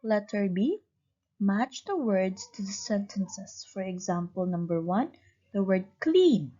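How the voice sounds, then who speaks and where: A woman teaching a young class, speaking slowly and patiently and stretching out words as she models them. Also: mid-range voice, lively intonation, mellow, highs cut off. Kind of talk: recorded grade-school lesson.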